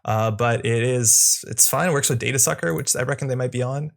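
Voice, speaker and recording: A man's voice: mid-range voice, a little fast, vocal fry. Young man musing through a card game. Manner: casual, musing, self-correcting. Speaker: channel host and card game player. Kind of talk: thinking-aloud gameplay commentary.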